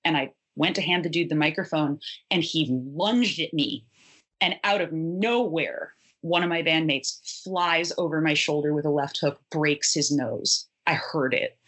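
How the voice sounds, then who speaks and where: A woman's voice: low voice, unhurried, fairly bright tone, slightly rough. A woman and punk musician telling a long, wry, profane anecdote in casual conversation. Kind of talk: conversational storytelling.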